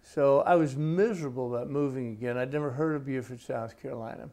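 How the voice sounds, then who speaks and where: Author interview: gravelly man in his 60s, dark-toned voice, folksy and unhurried storyteller. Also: mid-range voice. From United States. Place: his home.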